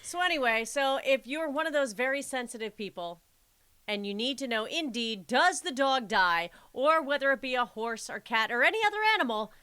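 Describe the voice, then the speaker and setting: A woman co-hosting a casual chat show, talking emphatically and with animated energy. Her voice sits a little high and sounds bright. She leans hard into her points. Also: moderate pace, clear, resonant tone. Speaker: podcast co-host.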